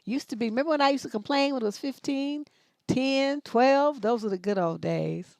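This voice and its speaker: A woman's voice: high voice, moderate pace, darkish tone, dry recording. A middle-aged woman hosting a livestream advice show, reading viewer questions aloud and answering in a blunt, profane, mocking way.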